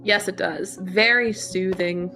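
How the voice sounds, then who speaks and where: A woman hosting a livestream, chatting casually and warmly while playing game entries. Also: mid-range voice, slow, music in the background. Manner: relaxed, friendly, laughs easily.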